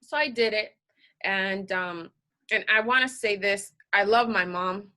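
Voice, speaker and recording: A woman guest on a podcast, telling her personal story in an earnest, halting way, emotional and close to tears. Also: medium pitch. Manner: earnest, halting, with restarts and soft laughs.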